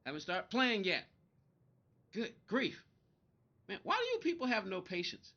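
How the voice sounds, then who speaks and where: A man's voice: high voice, big pitch swings, a little slow, gravelly, long pauses, pushed and bright, lo-fi sound. A man live-streaming a racing game, chatting loosely with his viewers, irritated and rambling, often repeating himself. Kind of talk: casual live-stream chat reading viewer comments.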